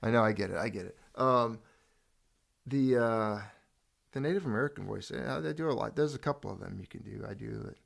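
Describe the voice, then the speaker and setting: A man's voice: lowish voice, a little fast, gravelly. A man hosting his channel's livestream, chatting casually and rambling with many restarts. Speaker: channel host.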